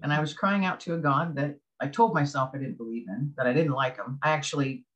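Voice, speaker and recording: A woman's voice: low voice, quick pace, rough recording. Earnest woman telling her faith story. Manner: earnest storytelling, acts out her own past thoughts. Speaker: interview guest. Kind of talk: personal faith testimony in conversation.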